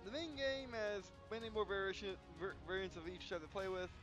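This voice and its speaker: A man hosting a gameplay video, reading tutorial text aloud with halting restarts and yawns. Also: high-pitched, animated, music in the background. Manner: halting, frequent restarts, yawning. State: yawning.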